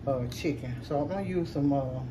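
Low-voiced woman chatting while she cooks. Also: fairly quick, roomy sound. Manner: chatty, talks straight to viewers as "y'all". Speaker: cooking vlogger. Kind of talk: casual chat while cooking. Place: home kitchen. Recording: distant mic with noisy kitchen background.

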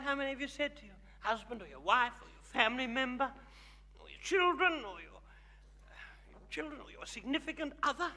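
A man's voice: very high voice, exaggerated voice. A man playing a flamboyant older Australian woman, a self-styled glamorous megastar, teasing the audience with theatrical endearments in a live stage comedy show. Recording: live theatre with long reverb, loud crowd.

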